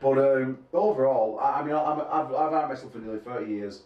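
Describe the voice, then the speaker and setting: Bantering at a press conference, this middle-aged arm wrestling promoter speaks briskly at a medium pitch, rambling, telling crude jokes and laughing often. He's recorded from a distance in an echoey room, and the highs are cut off.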